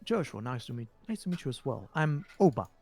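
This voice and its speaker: A man voicing a warm, kindly older woman barkeep who calls everyone dear and darling. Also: mid-range voice, sing-song, brisk, faint music behind. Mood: sweet. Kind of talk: tabletop role-play voice acting.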